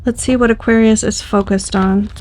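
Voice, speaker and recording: A woman's voice: mid-range voice, steady tone, normal speed, a little mellow, a little hiss or hum. A woman giving a casual spoken tarot reading to her viewers, thinking aloud with loose phrasing and frequent fillers. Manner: thoughtful, loose delivery with frequent fillers and restarts. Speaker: tarot reader.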